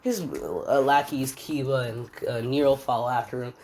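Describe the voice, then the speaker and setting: A woman's voice: extremely low pitch, fairly even intonation, normal speed, a little mellow, slight background noise. A woman narrating a fan-made what-if story in a casual, rambling, slangy way, thinking aloud as she goes.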